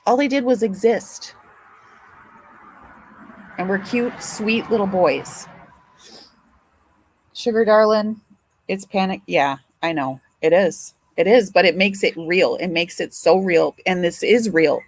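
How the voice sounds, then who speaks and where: Slow-talking emotional woman livestreamer. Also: mid-range voice, rough recording. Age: older. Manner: emotional, chatty, swears and apologizes. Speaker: livestream host. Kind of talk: casual livestream chat.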